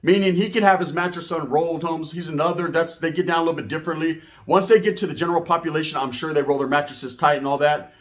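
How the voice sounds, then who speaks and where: A man's voice: a little high, fairly even intonation, quick pace, hardly any pauses. Slangy man telling a prison story. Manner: slangy, profane, rambling with frequent "right?". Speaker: storyteller recounting prison life. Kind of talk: casual storytelling.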